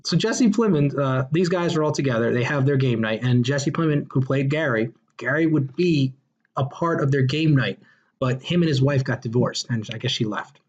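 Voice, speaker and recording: A man's voice: mid-range voice, normal speed, breathy edge. A man hosting a casual podcast chat reviewing a movie, enthusiastic and rambling, with many fillers and restarts. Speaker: podcast host. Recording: dull lo-fi sound.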